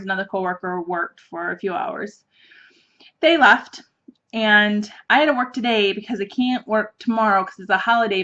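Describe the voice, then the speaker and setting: A woman in her thirties hosting a podcast, telling stories in a casual, chatty way, animated and laughing often as she talks from an office. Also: on the high side. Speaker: podcast host. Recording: dull lo-fi recording.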